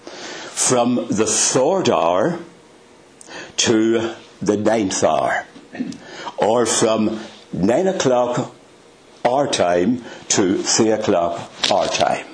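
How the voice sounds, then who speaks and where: An older man preaching a sermon, slow and emphatic, dropping to hushed tones for effect. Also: on the low side, animated.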